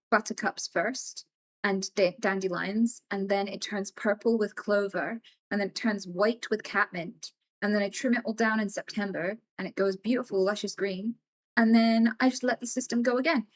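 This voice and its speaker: A woman's voice: medium pitch, moderate pace. Woman streamer telling a story. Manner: emphatic and swearing, animated as she tells a story. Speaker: live streamer. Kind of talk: casual storytelling to a live chat.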